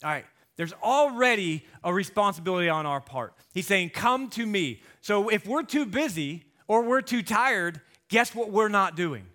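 Male pastor, sermon delivery, lively and jokey, bright voice. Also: high voice, moderate pace. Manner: animated, jokey, rising loud for emphasis.

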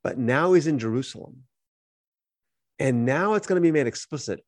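A man reads Bible verses aloud, then explains them in a relaxed teaching style as co-host of a podcast. His mid-range voice moves at a normal speed with an animated feel, recorded at studio quality with no echo.

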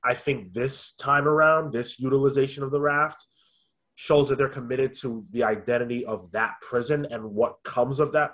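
A man co-hosting a podcast, chatting casually in a thoughtful way, often pausing with ums and restarting his sentences. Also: medium pitch, fairly bright tone. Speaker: podcast co-host. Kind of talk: casual review chat.

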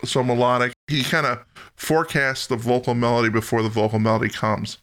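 A man's voice: mid-range voice, little pitch movement, a little fast, fairly bright tone. A man hosting a casual music podcast, running a song countdown in a jokey, self-deprecating way. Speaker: podcast host. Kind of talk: casual music-talk chat.

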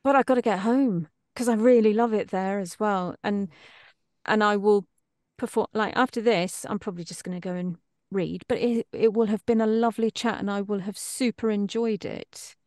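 Middle-aged actress guest, rambling and self-deprecating, dry close sound. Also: female voice, medium pitch, steady tone, moderate pace, a little mellow, no echo. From Britain. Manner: chatty, self-deprecating, many restarts. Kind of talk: casual interview chat.

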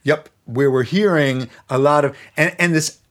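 A man with a slightly raised voice explains music technique as a podcast guest. He talks things through thoughtfully, pausing to find his words, and now and then sings rhythms to make his point. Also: a little high, fairly bright tone. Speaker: guest, electric violinist and teacher.

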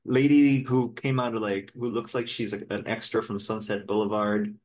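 A man's voice: lowish voice, fairly even intonation, moderate pace, darkish tone. A man from the Philippines co-hosting a podcast. He reminisces in loose, rambling casual chat, full of "like". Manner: loose and rambling, heavy on fillers like "like". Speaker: podcast co-host.

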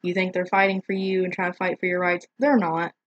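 A woman with a lowish voice talks bluntly and shares strong opinions, saying "like" often. The sound is dull and muffled, with a dry, close feel and no echo. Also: little pitch movement, fairly quick. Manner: frank, opinionated, says "like" often. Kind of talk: casual discussion.

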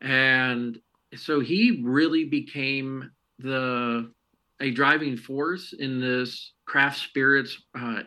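A man from Texas speaks as a podcast guest and tells stories in a friendly, unhurried way. He often pauses on fillers. His voice is bright and sits at an average pitch. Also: poor audio. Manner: friendly, storytelling, hesitant fillers. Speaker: guest, marketing head of a distillery. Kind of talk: casual interview answers.

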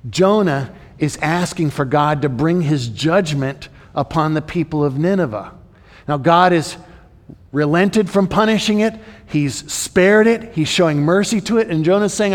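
Man preaching in a reverberant hall. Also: measured pace. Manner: animated storytelling, drops low for asides. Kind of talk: sermon.

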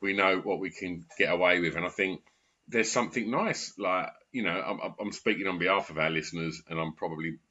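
A man with a very low yet bright-toned voice speaks earnestly in a relaxed podcast chat, leaning on fillers. The sound is dull and lo-fi. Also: a little fast, husky. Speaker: podcast guest. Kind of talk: casual chat.

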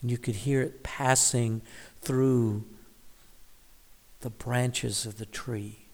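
A man leads a devotional Bible reflection at an unhurried, deliberate pace. His voice sits in a middle register and carries a long, lingering reverb. He is thoughtful and now and then hushes to a whisper to stress a word. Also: medium pitch, steady tone. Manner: reflective, drops to a whisper on key words. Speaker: Bible teacher.

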